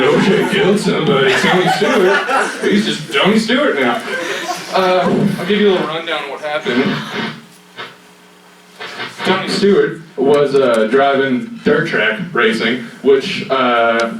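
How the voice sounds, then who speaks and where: A North Carolina man in his twenties does stand-up with a rambling, filler-heavy, profane delivery. His voice is fairly high and unhurried, recorded from far off in an echoey, noisy room.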